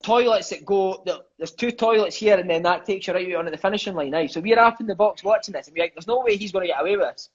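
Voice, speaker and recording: Scottish man, thirties, high voice, chatty and sweary raconteur, dull lo-fi recording. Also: fast, hardly any pauses. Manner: animated, swearing, peppers lines with "mate". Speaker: interview guest, former footballer. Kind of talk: casual storytelling chat. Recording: dull lo-fi sound.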